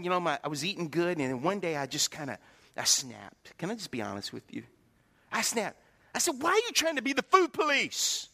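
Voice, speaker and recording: Animated preacher man in a hall. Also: on the high side, gravelly. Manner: animated, folksy and joking, acts out quoted voices. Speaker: pastor. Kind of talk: sermon. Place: church sanctuary. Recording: reverberant hall.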